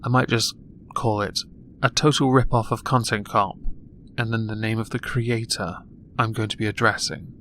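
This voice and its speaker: A man's voice: lowish voice, level tone, normal speed, fairly bright tone, a little hiss or hum. A young man with an English accent giving dry, mocking vlog commentary as a YouTube host. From England. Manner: dry, mocking, self-deprecating.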